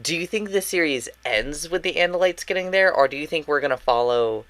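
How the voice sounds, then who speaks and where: A woman co-hosting a casual book club podcast, eagerly spinning theories and acting out quotes in a high squeal. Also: lively intonation, fairly quick, fairly bright tone, no room sound. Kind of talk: casual chat.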